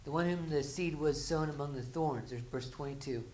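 A woman delivers a sermon in a conversational, informal way, with a somewhat low voice. She often restarts and repeats her words. She slips into the everyday voices of her listeners to act out what they say. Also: normal speed, darkish tone, slight background noise, poor audio. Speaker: preacher.

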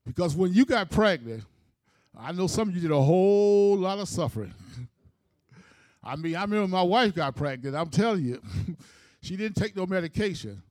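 A man's voice: sits high, expressive, normal speed, pauses often, a little mellow, no room sound, clean studio sound. A man preaching a sermon, telling a scripture story with emphatic, rhythmic phrasing.

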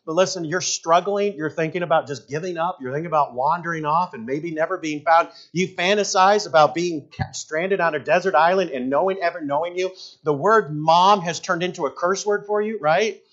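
A middle-aged man, a pastor preaching a sermon in an animated, jokey way. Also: a little high, brisk, dull audio. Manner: animated, jokey, shouts in acted quotes.

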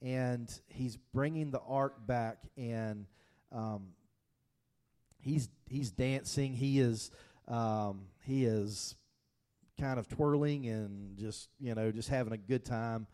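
Mellow-voiced male pastor preaching. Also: mid-range voice, takes it slowly. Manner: conversational, with frequent fillers and restarts, addresses congregation directly. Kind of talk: sermon.

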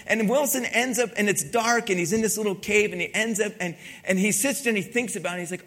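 A male pastor with a slightly higher-than-average voice preaching a sermon. He rambles through a story, dropping to quiet asides and then rising loud and excited as he acts out scenes. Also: quick pace, few pauses. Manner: rambling storytelling, swings from soft to loud when retelling scenes.

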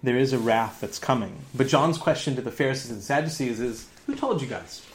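A man in his thirties, a pastor giving a lively sermon, laughing often and dropping into sarcasm. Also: medium pitch, brisk, a little hiss or hum.

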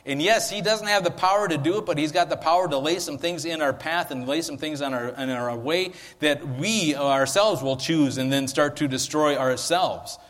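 A man's voice: fairly high pitch, moderate pace, few pauses, a bit bright, big-room sound. A man giving a chatty, conversational sermon as pastor, often checking in with his listeners. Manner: chatty, asks listeners "right?". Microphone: handheld or stand mic.

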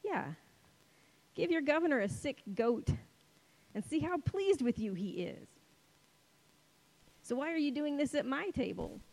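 A woman's voice: high-pitched, big pitch swings, creaky, darkish tone, low-quality recording. Playful woman preaching a sermon. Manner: conversational and playful, dramatic pauses on key words.

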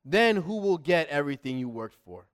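God delivering a stern rebuke, read by a preacher in a sermon. The voice is clear and smooth, pitched slightly high, and accusing. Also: male voice, big pitch swings, normal speed. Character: God rebuking a foolish rich man.

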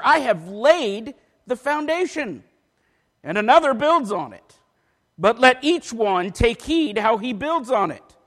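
A male pastor delivers a sermon with an emphatic preaching style and reads scripture aloud. His voice sits high for a man. The sound rings out into a long hall reverb in a church sanctuary. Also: a bit bright.

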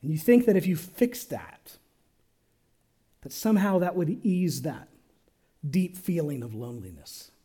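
A male pastor preaching a sermon in church, calling on the congregation to respond and swinging from loud to hushed. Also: fairly high pitch, animated, unhurried, pauses often, slightly rough.

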